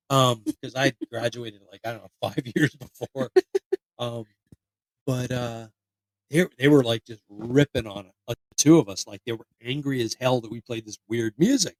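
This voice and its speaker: A man in his late twenties from Pennsylvania, co-hosting a podcast and telling a profane, animated story with mock voices. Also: medium pitch, normal speed, no echo, poor audio. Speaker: podcast co-host. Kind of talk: casual storytelling chat.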